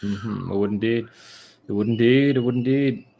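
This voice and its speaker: A man's voice: mid-range voice, normal speed, gravelly, muffled recording. A man co-hosting a casual online chat show, joking and rambling as his sentences trail off. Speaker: co-host.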